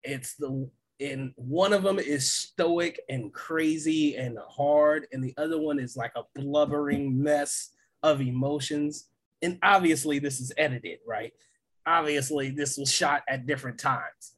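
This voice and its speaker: A man with a somewhat high, husky voice co-hosts a podcast. He rambles in an excitable, casual way, packed with fillers and restarts. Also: unhurried. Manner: excited, laughs often, many fillers and restarts. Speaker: podcast co-host. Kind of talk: casual chat.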